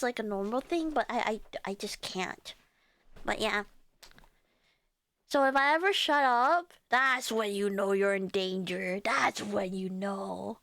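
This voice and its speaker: A woman's voice: fairly high pitch, fairly bright tone, no room sound. A young woman streamer chatting casually with her live chat, giggling often and reading messages aloud.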